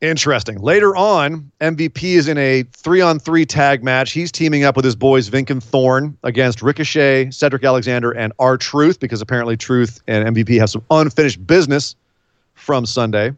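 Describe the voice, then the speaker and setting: A man hosting a casual chat about wrestling, animated, with frequent laughs and quick asides. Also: mid-range voice, no echo. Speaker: podcast host. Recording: dull lo-fi dry sound.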